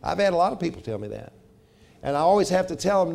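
A middle-aged man preaching a sermon, measured and slowing down to stress scripture. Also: fairly high pitch, sing-song, creaky, darkish tone. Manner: measured, slows for emphasis on scripture. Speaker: pastor.

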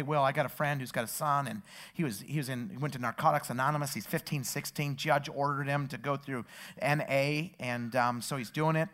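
Bright-voiced preaching man. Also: a little high. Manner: storytelling, building to loud emphatic preaching. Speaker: pastor. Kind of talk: sermon.

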